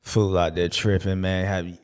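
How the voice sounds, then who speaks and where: A man's voice: low-pitched, level tone, normal speed, darkish tone, pitched below the performer's own voice, natural voice. A man voicing a broke, lazy male caddy who complains in rambling street slang. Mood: grumbling.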